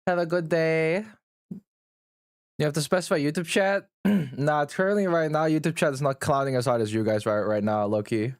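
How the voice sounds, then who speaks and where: A man's voice: a little high, normal speed, dry recording, clean studio sound. Blunt, profane male streamer. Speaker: livestreamer. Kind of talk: casual livestream chat.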